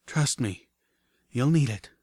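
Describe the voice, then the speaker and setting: A man voicing a refined, caring female pony healer who speaks softly and pleadingly. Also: medium pitch, lively intonation, slow pace, dry recording. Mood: worried.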